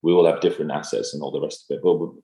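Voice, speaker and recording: Very deep-voiced man, halting and reflective. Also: steady tone, heavy background noise. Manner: halting, reflective, many fillers and restarts. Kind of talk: casual conversation. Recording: echoey room.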